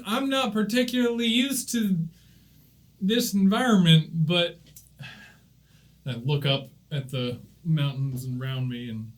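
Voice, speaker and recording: Folksy drawling adventurer, a man putting him on, high voice, bluffing. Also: a bit bright.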